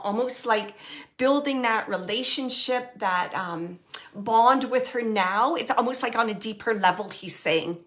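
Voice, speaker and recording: A woman medium gives a live reading to an audience member in a voice on the high side. She speaks haltingly, as if searching, with soft whispered asides.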